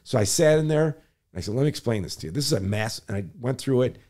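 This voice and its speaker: A man's voice: medium pitch, animated, fast, darkish tone. An older man, a former city planner, telling a long story in an interview and acting out the people he quotes.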